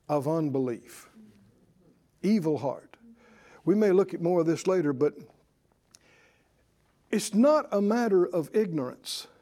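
A man preaching a sermon in a folksy, scolding way, slow and emphatic. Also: high-pitched, dark tone.

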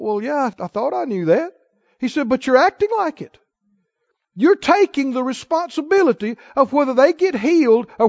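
A man preaching a sermon, telling folksy stories and delivering points with emphasis, quoting the Lord in a lower, sterner tone. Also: dry recording, highs cut off. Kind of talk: sermon with storytelling.

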